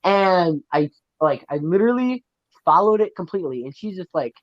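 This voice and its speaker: A man's voice: sits high, big pitch swings, fairly quick, no room sound, muffled recording. A teenage boy telling a rambling story on a podcast, full of "like" and "right?". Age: teens. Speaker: podcast co-host. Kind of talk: casual storytelling while gaming.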